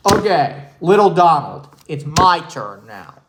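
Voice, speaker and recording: A man doing a comedic impression of an older male sports debate pundit, brash and contrarian, talking slowly with heavy sighs. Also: a little high, big pitch swings, background noise. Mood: dismissive. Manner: slow, drawn-out delivery with heavy sighs and dramatic pauses.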